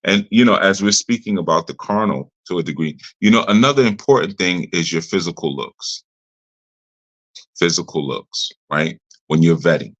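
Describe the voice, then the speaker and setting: Teaching a ministry audience informally, a middle-aged man keeps a direct, conversational tone and restates his points to drive them home. His voice sits low with a fairly bright tone at a moderate pace, though the audio is dull.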